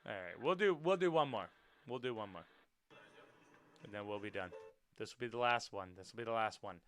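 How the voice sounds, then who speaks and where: Excitable man reacting to dash cam clips. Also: lowish voice, brisk. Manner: excitable, loud outbursts and swearing; drops to quiet muttering asides. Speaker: podcast host.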